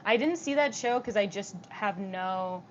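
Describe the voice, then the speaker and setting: A young woman with vocal fry chatting on a livestream, reading comments out loud and answering them in a giggly, casual way. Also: mid-range voice, a little slow, slight background noise.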